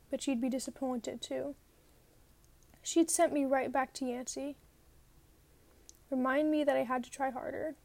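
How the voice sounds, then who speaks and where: An audiobook reader with a high, darkish voice reads a first-person novel aloud. She narrates plainly, occasionally going back to reread a line.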